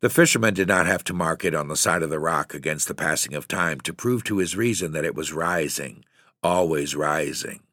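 A man reading a literary story aloud in a measured, steady narration. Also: extremely low pitch, dry recording, clean studio sound. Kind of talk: scripted audiobook narration.

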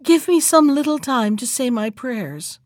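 A woman voicing a terrified young wife in a storybook, pleading in a tearful, high-strung manner. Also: very animated, a little slow, no echo, studio quality.

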